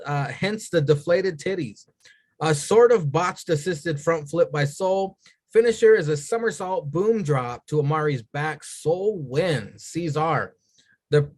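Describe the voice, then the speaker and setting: A man with a slightly higher voice hosts a loose wrestling podcast. He talks through the matches with crude jokes and throws questions to his co-hosts. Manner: crude, joking, leads the rundown. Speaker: podcast host. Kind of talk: casual wrestling talk.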